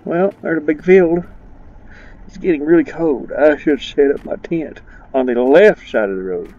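A man's voice: a little high, moderate pace, dark tone, muffled recording. A man giving let's play commentary, rambling and joking his way through a spooky game, laughing at his own nerves. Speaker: gaming channel host.

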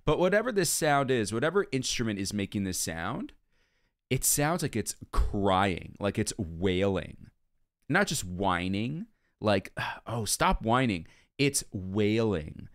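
A man's voice: lowish voice, slow, dry recording, clean studio sound. A man hosting a music video reaction, talking casually and gushing about what he sees and hears. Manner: animated, gushing, hums along to the melody.

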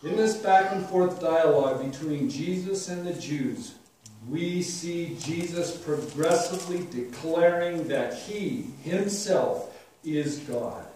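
A man preaching a sermon, expounding scripture slowly and deliberately with emphatic declarations. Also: fairly high pitch, a little mellow, a little hiss or hum. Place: church sanctuary. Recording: echoey hall, distant mic, faint ambience.

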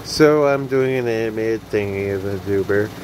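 A man's voice: fairly low pitch, moderate pace, a little mellow, slight background noise, poor audio. A man vlogging in a casual, rambling late-night monologue, tired and yawning, sighing and trailing off. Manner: rambling, self-talking, sighs and trails off.

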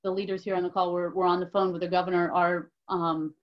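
A woman's voice: on the low side, flat delivery, fast. A woman lawmaker answering a question at a virtual town hall, opening with thanks and stumbling over many restarts. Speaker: legislative leader. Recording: dull lo-fi call audio.

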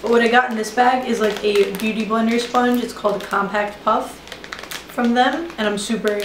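Young woman beauty vlogger, high-ish voice, rambling and chatty; mic set back in a roomy space. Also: fairly even intonation, normal speed, noisy background. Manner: chatty and rambling, full of "like" and "you know". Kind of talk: casual haul video chat. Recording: roomy sound from a distance from the mic. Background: heavy rain outside.

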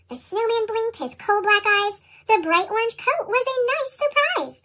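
A storyteller reading a rhyming children's picture book aloud in a sing-song way, through a sped-up chipmunk pitch effect. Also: lively intonation, normal speed, sharp tone. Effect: chipmunk-style sped-up pitch shift. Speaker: storybook reader.

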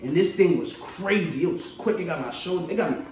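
A young man doing a casual show-and-tell vlog, excitable and slangy with frequent exclamations. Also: high voice, a little fast. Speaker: vlogger showing his collection. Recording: very echoey, far from the mic, faint noise.

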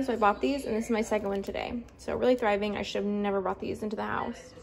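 A woman's voice: medium pitch, fairly even intonation, quick pace, hardly any pauses. A young woman in her twenties chatting casually to camera at home, with lots of fillers. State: out of breath. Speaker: vlogger. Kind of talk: casual vlog chat. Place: at home in an apartment. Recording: home camera audio with clear background noise.

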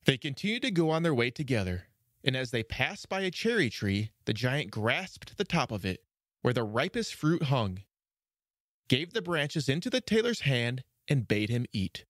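A man narrating a fairy tale for a children's podcast, measured and expressive. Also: mid-range voice, no echo, clean studio sound. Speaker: storyteller. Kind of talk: storybook narration.

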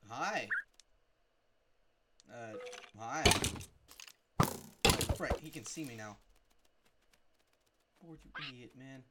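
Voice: mid-range voice, drawn-out words, pauses often, heavy background noise. A gamer giving jumpy, unscripted let's-play commentary while talking to the game.

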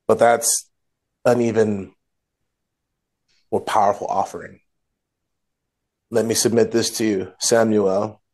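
A man's voice: fairly low pitch, darkish tone. A man co-hosting a casual religious discussion, retelling scripture in a rambling way and correcting himself as he goes. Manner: rambling, self-correcting storyteller. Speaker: podcast co-host.

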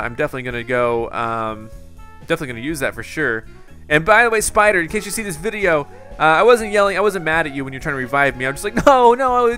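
A young man doing excited gameplay commentary, panicking and yelling in bursts, then settling into calm, chatty talk. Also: medium pitch. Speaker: gaming YouTuber.

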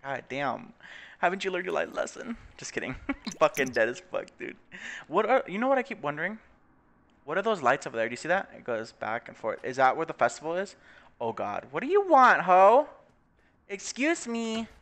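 A man's voice: a little high, very animated, fairly quick, gravelly, a bit bright. A young man giving casual, profane commentary on a life-simulation game, laughing often and putting on mocking voices. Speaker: gaming video creator.

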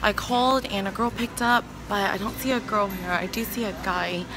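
A young woman with a husky voice, chatting excitedly to her viewers in a casual vlog. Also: mid-range voice, moderate pace, music in the background. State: husky, lowered voice while recovering. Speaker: vlogger.

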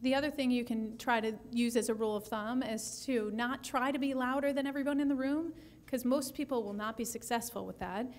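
A woman, a speech-language pathologist, answering audience questions at a breakout session in an explanatory, measured way, often restarting her sentences. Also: a little high, darkish tone.

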